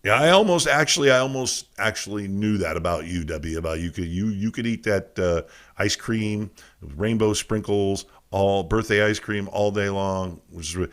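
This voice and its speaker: A man hosting a live casual show, loudly teasing and coaxing his chat room, with crude self-mocking asides. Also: on the low side, moderate pace. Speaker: podcast host. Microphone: desk mic, reading chat on a phone.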